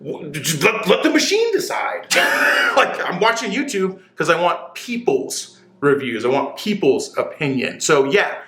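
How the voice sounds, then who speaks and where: Man, motorcycle vlogger, animated profane rant, bright sharp tone, echoey room with no microphone. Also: fairly high pitch, a little slow. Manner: animated, opinionated, profane, stumbling restarts. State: sweaty. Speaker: motorcycle channel host. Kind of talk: casual rant to camera. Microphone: camera mic, no dedicated microphone.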